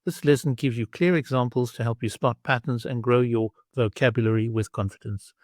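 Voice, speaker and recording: A man reads a scripted language lesson in a slow, clear, instructive way. His voice sits at an ordinary middle pitch. The recording is a dry, close voice-over with no room sound. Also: steady tone, no room sound. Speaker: language teacher.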